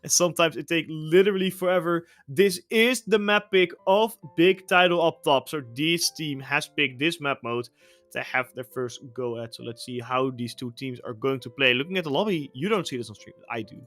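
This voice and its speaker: A man casting a competitive video game match, with play-by-play commentary that gets loud and energetic during the action. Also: on the high side, normal speed, faint music behind. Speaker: esports caster.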